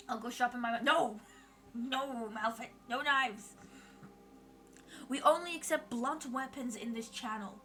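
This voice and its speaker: With background music and slight noise behind her, a woman streamer talks casually to her live chat, teasing and scolding it. Her voice is on the high side and a bit bright, with a fake Australian accent and a congested throat.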